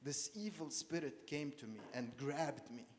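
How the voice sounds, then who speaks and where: Speaking as an artist, a man from Lebanon shares a personal story, halting often, repeating himself and filling gaps with fillers. His voice runs on the high side at a moderate pace, with long hall reverb and a little hiss or hum in the audio.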